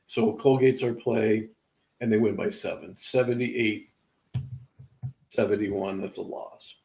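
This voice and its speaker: Gravelly low-voiced man reviewing betting picks. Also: fairly even intonation, slow pace, a little mellow, low-quality recording. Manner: chatty, laughs at his own misses, wry asides. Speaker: sports betting show host. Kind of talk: casual live sports picks commentary.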